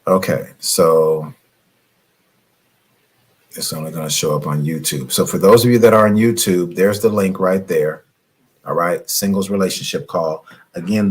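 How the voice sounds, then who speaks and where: A middle-aged man coaching on relationships in a late-night live stream, animated and preachy, scolding his viewers playfully and laughing often. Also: deep voice, breathy edge. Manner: fumbles with his phone while reading comments.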